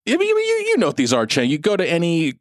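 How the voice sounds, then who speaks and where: A man's voice: on the high side, huge pitch swings, fast, dry recording, studio quality. A young man co-hosting a podcast in casual chat, laughing often and swearing offhandedly. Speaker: podcast co-host.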